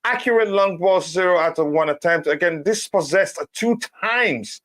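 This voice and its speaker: A man hosting a casual live football review, reading out player stats with many fillers and pauses. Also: sits high, animated, fairly bright tone. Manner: halting, reads stats aloud with many fillers. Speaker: host of a football review show.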